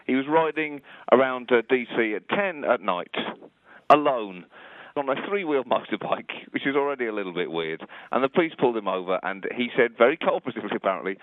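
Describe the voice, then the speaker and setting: A man co-hosting a comedy radio show, talking in a lively, wry way with a very animated pitch. His voice comes through thin and phone-like, dry and close. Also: no echo. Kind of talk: comic radio banter. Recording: tinny phone-like radio sound.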